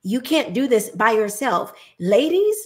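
A woman's voice: on the high side, sing-song, a little slow, a little mellow. A woman hosting her own show, giving an emphatic, preachy opinion monologue and mocking the people she quotes. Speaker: host.

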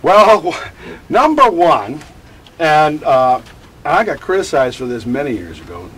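A man who teaches about grief, answering interview questions in an animated, digressive way and acting out quotes. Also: a little high, slow pace, husky, low-quality recording. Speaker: grief educator.

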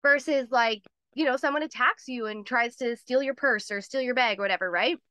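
Bright, chatty woman teaching a webinar. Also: fairly high pitch, no echo. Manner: chatty, quick, laughs often, acts out little voices. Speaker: course host. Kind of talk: live webinar lecture.

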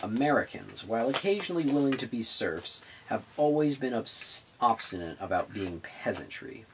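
A man's voice: medium pitch, big pitch swings, moderate pace, background noise. A man reading a novel aloud, stumbling over words and restarting lines. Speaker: reader of a novel on a public access show.

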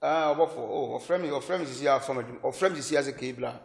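Fast-talking Ghanaian man, animated. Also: medium pitch, vocal fry. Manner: animated, switches between Twi and English, laughs often. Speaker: interviewee. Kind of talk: casual interview.

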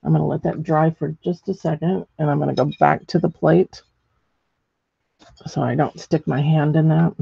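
Gravelly, husky woman teaching painting. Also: deep voice, steady tone, moderate pace, no room sound, muffled recording. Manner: chatty, thinks aloud while working, many ums. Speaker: ceramics painting instructor. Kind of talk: live painting demonstration.

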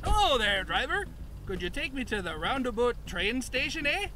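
A man's voice: extremely high pitch, sing-song, moderate pace, over loud music. A man playing a friendly, apologetic Canadian tourist passenger in a live-action game, with a Canadian accent. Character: cheerful polite male Canadian tourist passenger.

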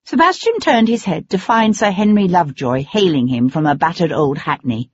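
This narrator's mid-range voice has a breathy edge and an animated quality as he delivers an audiobook passage with measured drama. The recording itself sounds dull and lo-fi.

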